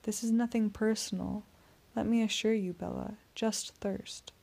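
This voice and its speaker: A woman voicing a suave male vampire in an audiobook, speaking in a soft, courteous, menacing purr. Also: a little high, fairly even intonation, normal speed, creaky. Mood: silky menace. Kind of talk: audiobook character reading.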